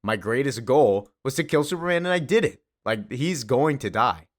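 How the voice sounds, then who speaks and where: A man's voice: mid-range voice, expressive, moderate pace, lightly acted. A man voicing a boastful male arch-villain, gloating in a matter-of-fact way.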